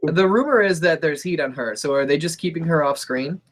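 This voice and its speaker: Male podcast co-host, slightly high pitch, loose and profane banter. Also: brisk. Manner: relaxed, profane, laughs easily. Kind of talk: casual wrestling podcast chat.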